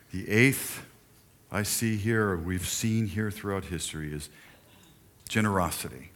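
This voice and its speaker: A man's voice: low-pitched, a bit bright. An older man preaching a sermon in a church, talking conversationally and turning to chat with the congregation. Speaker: pastor. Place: church sanctuary.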